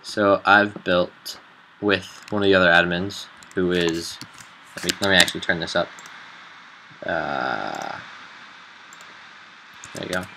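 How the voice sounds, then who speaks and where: A man who admins a game server, walking through a build in a casual tutorial, relaxed and halting with fillers. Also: sits low, noisy background.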